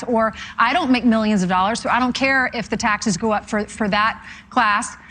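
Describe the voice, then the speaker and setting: Female TV anchor, brisk, fairly high voice, faint noise behind. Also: a bit bright. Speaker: news anchor. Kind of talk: TV news interview.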